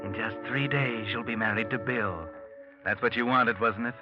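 An actor voicing a mocking inner voice, in 1940s radio acting. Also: male voice, mid-range voice, lo-fi sound, natural voice. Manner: mocking, slow. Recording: old radio recording with music.

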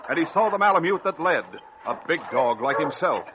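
A man's voice: on the high side, animated, a little fast. Male radio-drama narrator, hissy old recording. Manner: vivid, driving storytelling. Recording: dull old radio recording with heavy hiss.

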